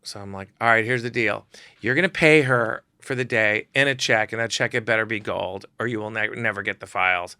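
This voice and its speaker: A man, a photographer guest on a podcast, telling stories in a casual, animated way and acting out quotes in shifting voices. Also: fairly low pitch, brisk, clean tone, no room sound, clean studio sound. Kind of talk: casual storytelling.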